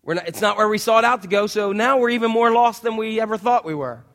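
High-voiced preacher guy, lively storytelling sermon, long echo in the church hall. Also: fast. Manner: animated storytelling, acts out voices. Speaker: pastor.

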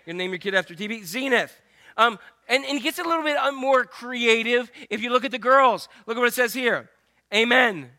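Older guy preaching, high bright voice, cracks jokes and quizzes the crowd. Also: brisk. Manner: joking, talks straight to the congregation with questions. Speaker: pastor. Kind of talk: sermon.

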